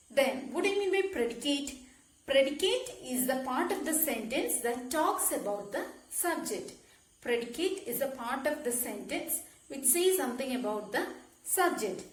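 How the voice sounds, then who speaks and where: A woman teacher explaining a grammar lesson slowly, repeating key words and checking with "okay?". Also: high-pitched, echoey room, slight background noise. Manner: slow, repetitive explaining with frequent "okay?" checks. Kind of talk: classroom lesson.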